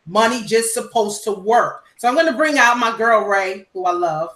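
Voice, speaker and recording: A woman's voice: mid-range voice, lively intonation, moderate pace, a bit bright, roomy sound, poor audio. A woman moderating a panel call, affirming and encouraging the speakers. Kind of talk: hosting a conference call.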